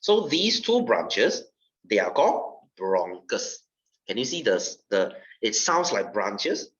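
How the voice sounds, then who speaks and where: A young man with a Singaporean English accent teaches a science class, his pitch rising and falling a lot as he explains. He talks in a loose, chatty way and fills almost every pause with "okay". The sound is dull and a little distant from the mic. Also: sing-song, a bit bright. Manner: chatty, repeats "okay" constantly. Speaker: science tutor. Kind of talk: classroom lesson.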